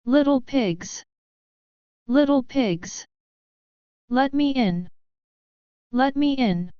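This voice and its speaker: A woman's voice: sits high, animated, very slow, smooth, dry recording, heavily acted. A woman voicing a greedy, menacing big bad male wolf in a storybook reading, calling out demands. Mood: demanding. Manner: demanding shouts. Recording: dull lo-fi recording.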